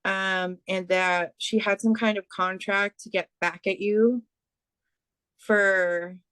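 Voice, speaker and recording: A woman giving a spiritual reading as a medium, speaking haltingly with many fillers and restarts. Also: medium pitch, steady tone, fairly bright tone, smooth, no echo. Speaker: psychic medium.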